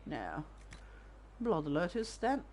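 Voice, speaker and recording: A woman's voice: low voice, huge pitch swings, takes it slowly, a little mellow, slight background noise. A woman streaming a video game, chatting casually and thinking aloud as she plays. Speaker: let's-play streamer. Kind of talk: casual gameplay commentary.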